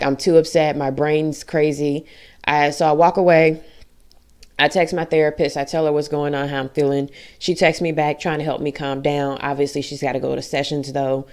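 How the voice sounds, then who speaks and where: A woman's voice: low-pitched, a little mellow. A young adult woman telling a personal story in a casual, emphatic, venting way, full of slang. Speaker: vlogger.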